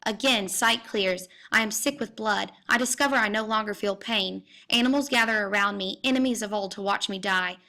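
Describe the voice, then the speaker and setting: Woman, audiobook reader, bright voice, intense dramatic first-person narration, hushed asides. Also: mid-range voice, normal speed, few pauses. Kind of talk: dramatic literary reading.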